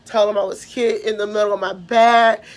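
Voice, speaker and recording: A woman's voice: medium pitch, flat delivery, moderate pace. A young woman, rambling through a personal story and correcting herself as she goes. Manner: rambling, self-correcting, emotional retelling.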